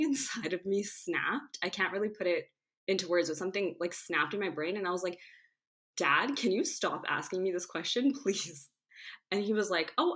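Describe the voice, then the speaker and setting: A woman's voice: fairly low pitch, fairly bright tone. A woman in her twenties in a casual podcast chat, talking with lots of fillers and acting out quoted people. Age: 20s. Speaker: podcast guest.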